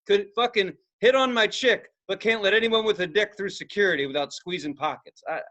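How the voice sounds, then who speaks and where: The recording is muffled, but the man's voice sits high and moves briskly. A podcast co-host, he tells a comic tale riddled with swearing, animatedly playing every person in it.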